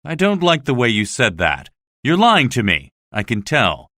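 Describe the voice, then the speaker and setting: A man voicing a jealous, cruel masked villain in a storybook reading, with a low, threatening, mocking delivery. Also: huge pitch swings, moderate pace, sharp tone, no room sound, clean studio sound. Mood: suspicious.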